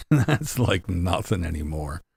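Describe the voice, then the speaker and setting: A man's voice: deep voice, big pitch swings, slow, vocal fry, breathy edge, dry recording, clean studio sound. A man talking in a rambling, sarcastic, casual way, swearing a lot as he complains. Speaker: vlogger. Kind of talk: casual profane chat.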